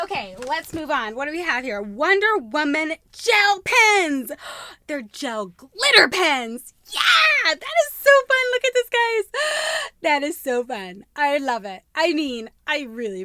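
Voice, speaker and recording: A woman hosting a crafting unboxing vlog, gushing, gasping and squealing with excitement over each item. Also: sits high, no room sound. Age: adult with a young son. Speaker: crafting channel host.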